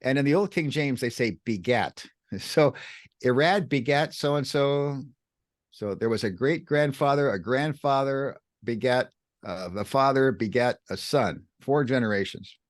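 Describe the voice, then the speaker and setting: A man's voice: measured pace, no room sound. An emphatic man co-hosting a podcast, explaining texts with a lot of repetition. His voice leaps up when he stresses a point. The recording is dry and close. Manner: emphatic, repeats words, pitch jumps for emphasis. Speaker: podcast co-host teaching scripture. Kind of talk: animated explanatory teaching chat.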